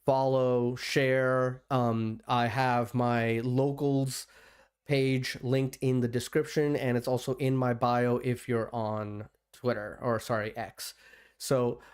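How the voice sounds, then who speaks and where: Smooth-voiced man rambling on a livestream. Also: medium pitch, level tone, slow. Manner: loose and rambling, lots of restarts and fillers. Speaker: livestream host. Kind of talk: casual livestream commentary. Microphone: computer streaming setup.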